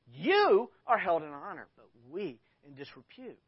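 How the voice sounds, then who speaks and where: A middle-aged man preaches in a high-pitched voice, swinging from loud, dramatic scripture readings to plain explanation. The recording is dry and dull, with a muffled lo-fi sound. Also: sing-song, normal speed, hardly any pauses, husky, no room sound. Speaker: pastor. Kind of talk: sermon.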